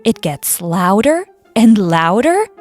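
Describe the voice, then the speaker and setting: Slow expressive girl reading a fable. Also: medium pitch. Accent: Indonesian. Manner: slow, expressive read-aloud. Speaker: student presenter. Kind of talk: storybook reading for class. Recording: faint background music.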